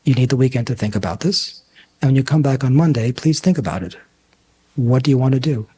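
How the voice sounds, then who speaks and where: A man, a physician and coach, giving a talk at a summit, telling stories and acting out the people in them with big pitch swings. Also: lively intonation, brisk, mellow, husky. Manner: storytelling, acts out dialogue with big pitch swings. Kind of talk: conference talk with anecdotes.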